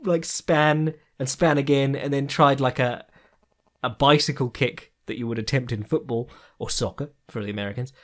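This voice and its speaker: A man's voice: mid-range voice, normal speed, a bit bright. A man hosting a podcast, talking casually, rambling with lots of ums and swearing freely. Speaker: podcast host.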